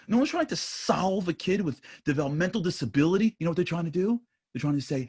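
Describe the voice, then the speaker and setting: A man on a panel talks in earnest, confessional bursts and repeats himself as he goes. His voice is a little husky, sits fairly high, and rises and falls widely. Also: expressive, a little mellow. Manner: earnest, confessional, speaks in quick bursts with repetitions. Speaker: panel speaker. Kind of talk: impassioned panel talk. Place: livestream studio panel.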